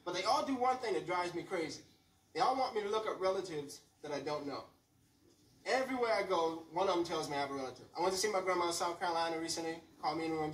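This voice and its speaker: A man's voice: a little high, fast talker. A man performing a stand-up comedy set on a club stage, telling stories animatedly and slipping into voices. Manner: animated, storytelling, lots of voices. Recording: roomy club sound from far off, faint room noise.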